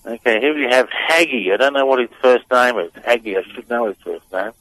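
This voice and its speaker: A man's voice: medium pitch, a little fast, a bit bright, low-quality recording. A man appearing as a radio guest, explaining audio clips in a hesitant, amused way with many fillers. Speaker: guest analyst.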